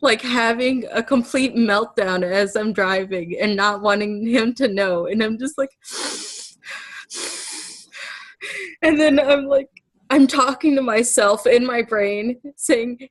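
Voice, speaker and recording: A woman casually telling a personal story in conversation, animated and laughing often. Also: a little high, slow, dry recording.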